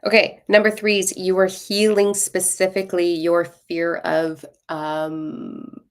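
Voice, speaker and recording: A woman's voice: on the low side, flat delivery, slow. A woman hosting a spiritual live stream, giving casual card readings in a blunt, playful way and swearing freely. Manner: self-mocking and playful.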